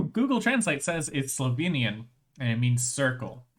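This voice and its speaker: A live streamer in casual chat, rambling and restarting phrases, voice strained with frequent throat clearing. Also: mid-range voice, big pitch swings, unhurried.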